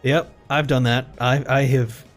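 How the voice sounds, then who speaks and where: A man streaming and casually telling stories while he plays, blunt and animated, often laughing. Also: medium pitch, measured pace, faint music behind. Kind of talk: casual storytelling while gaming.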